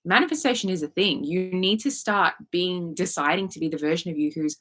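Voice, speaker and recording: An Australian-accented woman, a manifestation coach, talks casually on a livestream in a brisk, lowish, slightly bright voice. She's frank, swears freely, and reads viewer comments aloud during her live coaching talk.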